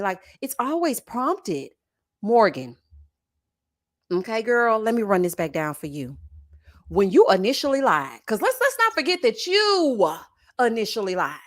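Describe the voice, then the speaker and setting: Sassy, lively woman reality-show commentator. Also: on the high side, a little slow. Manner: sassy, dramatic, laughing, calls viewers honey and child. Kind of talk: casual reaction commentary reading viewer comments.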